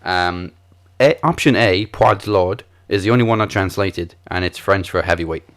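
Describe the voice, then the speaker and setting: A man's voice: sits low, moderate pace. A man co-hosting a podcast, running a trivia game in a casual, playful way. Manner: playful, laughs at his own attempts at foreign pronunciation. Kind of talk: casual chat.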